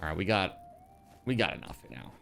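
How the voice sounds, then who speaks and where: A man casually chatting to his viewers while he plays a game, animated and rambling, with many fillers and restarts. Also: sits low, a little fast, gravelly, soft background music. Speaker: streamer.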